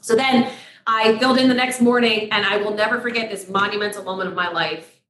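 A woman's voice: mid-range voice, a little fast, reverberant, low-quality recording. A middle-aged woman, a radio host telling stories in a casual interview and acting out quoted exchanges. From Poughkeepsie, New York. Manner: lively storyteller who acts out quoted exchanges.

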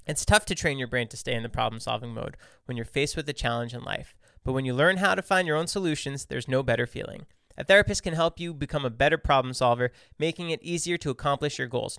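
A man's voice: medium pitch, sharp tone, clean tone, no echo, studio quality. A young man co-hosting a casual podcast, playful and teasing, laughing often, reading sponsor ads. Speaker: podcast co-host.

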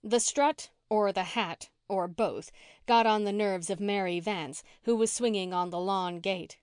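A woman's voice: mid-range voice, clean tone, no room sound. Woman reading an audiobook, dry and close. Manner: measured, expressive reading. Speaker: audiobook narrator. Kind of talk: scripted narration.

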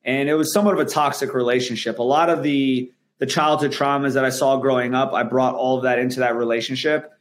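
A man's voice: mid-range voice, fairly even intonation, fast, hardly any pauses. Male guest; earnest, emphatic talker with frequent restarts. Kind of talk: candid interview conversation.

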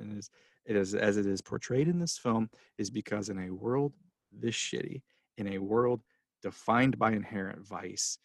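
A man's voice: lowish voice, no room sound, clean studio sound. A man hosting a casual film podcast, talking passionately and rambling with restarts as he gets emotional. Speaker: podcast host.

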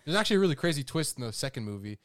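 A man rambling crudely through a movie pitch in casual podcast chat. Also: sing-song, racing, fairly bright tone, no echo, clean studio sound. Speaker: podcast co-host.

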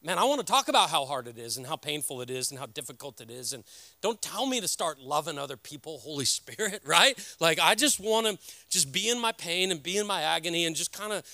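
A middle-aged man preaching a sermon as a pastor, earnest and halting, speaking from the heart. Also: on the high side, pushed and bright, no echo.

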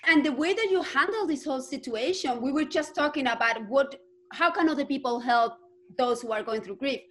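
A woman's voice: high-pitched, brisk. A woman hosting an interview, asking reflective and encouraging questions. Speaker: interview host. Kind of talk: interview conversation.

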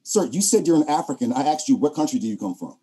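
A man pressing hard in a heated argument, interrupting over and over. His voice is husky and dark in tone, pitched a little high for a man. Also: very animated, fast. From Puerto Rican and Black. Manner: insistent, keeps cutting in with repeated "sir". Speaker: debater. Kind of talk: heated online debate.

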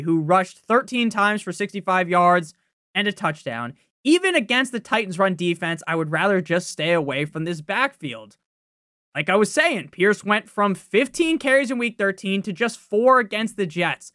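A young man rants on his sports podcast, swearing freely and bursting into loud, exasperated outbursts before settling back into rambling. His voice sits at a middle pitch and sounds close and dry, with no room around it. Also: animated, normal speed, no echo. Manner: frustrated, profane, rambling rant with sudden loud outbursts. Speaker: fantasy football podcast host. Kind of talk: casual ranting podcast talk.

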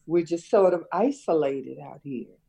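Older woman with a lively, mellow voice. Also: sits low, unhurried, gravelly, husky, poor audio. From Chicago area. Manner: warm reminiscing, teacherly, laughs easily. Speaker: interviewee, mother of the host. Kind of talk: casual family interview.

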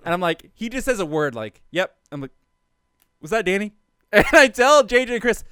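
Male co-host, chatty story-teller, lots of cursing, somewhat high, clear dry voice. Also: a little fast, no room sound. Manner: animated, swearing, laughing through the story. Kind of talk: casual storytelling chat.

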